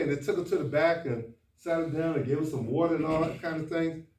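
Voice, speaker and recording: A man, a doctor, giving a folksy, animated talk at a men's conference, speaking straight to the audience. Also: a little high, fairly quick. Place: conference room. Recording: echoey hall, far from the mic, faint noise.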